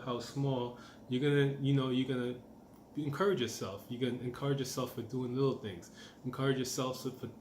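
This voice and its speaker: A man's voice: mid-range voice, reverberant, slight background noise. A middle-aged man giving a casual, encouraging self-help talk as a manifestation coach, repeating his points and using lots of fillers.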